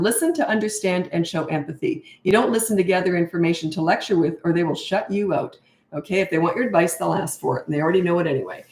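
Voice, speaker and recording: A woman's voice: fairly low pitch, a little mellow. Blunt woman parenting coach, echoey room. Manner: blunt, emphatic, repeats herself for stress. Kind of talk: live-stream Q&A.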